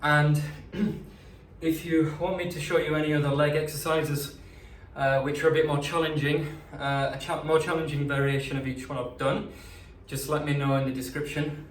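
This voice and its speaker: A man's voice: a little high, little pitch movement, normal speed, a little hiss or hum. A man coaching a home leg workout, encouraging and casual, out of breath by the end. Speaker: fitness coach. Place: indoors at home. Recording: echoey room, mic at a distance.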